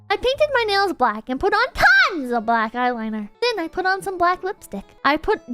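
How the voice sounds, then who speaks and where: A woman's voice: high voice, fairly bright tone. A young adult woman streamer doing a mocking comedic reading with sarcastic asides.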